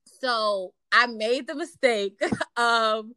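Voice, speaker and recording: A young woman telling a story in casual chat, animated and laughing often as she acts out what people said. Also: fairly high pitch, drawn-out words, clean tone, no echo. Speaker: podcast host telling a story.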